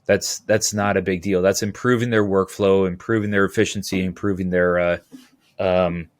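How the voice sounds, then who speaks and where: A man from California talking as a podcast guest, rambling and animated, with quick asides and restarts. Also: low voice. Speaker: podcast guest, utility locator. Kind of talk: casual interview talk.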